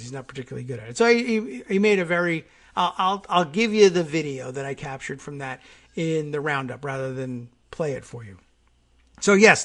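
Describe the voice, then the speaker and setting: A man hosting a political talk show, giving a sardonic, halting monologue of commentary. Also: a little high, fairly bright tone.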